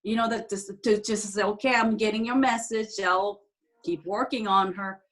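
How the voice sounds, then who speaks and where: A woman in a group conversation tells a heartfelt story in halting speech, with frequent restarts and loose grammar. Her pitch sits in an ordinary middle range. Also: fairly even intonation, a bit bright. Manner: halting, restarts sentences, non-standard grammar. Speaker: group participant sharing a story. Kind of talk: casual personal storytelling.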